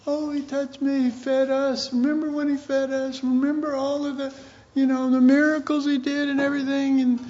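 A man acting out eager, excited followers of Jesus in a gushing, breathless voice. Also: extremely high pitch, moderate pace, lo-fi sound, pitched above the performer's own voice.

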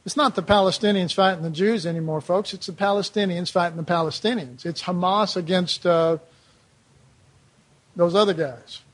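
Man, preacher, sermon, high voice, husky, chatty, rhetorical questions. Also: moderate pace. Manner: conversational, rhetorical questions, frequent "you know".

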